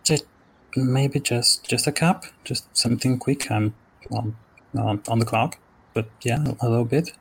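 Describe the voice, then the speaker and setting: A man's voice: medium pitch, unhurried, slightly rough. A man playing a tabletop game in character as a courier, speaking hesitantly and stumbling over his words. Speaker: player.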